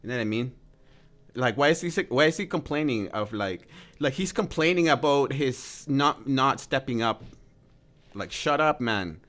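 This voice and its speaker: A man's voice: mid-range voice, expressive, normal speed, fairly bright tone. Crude, mocking male streamer. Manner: mocking and crude, laughs often. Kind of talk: profane live reaction commentary.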